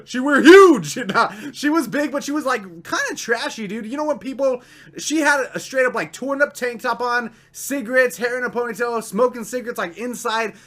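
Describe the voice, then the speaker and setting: A young man casually telling a story, chatty and animated, filling his talk with "like" and "right?". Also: extremely high pitch.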